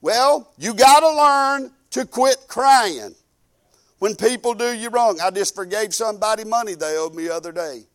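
A man preaching a sermon in a folksy, emphatic way, swinging between loud exhortation and low, quiet asides. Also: lively intonation, normal speed.

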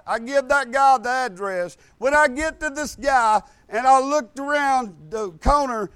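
Earnest preacher. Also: male voice, very high voice, a bit bright, dry recording. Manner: rambling and earnest, with folksy grammar and restarts. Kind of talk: testimony in a sermon.

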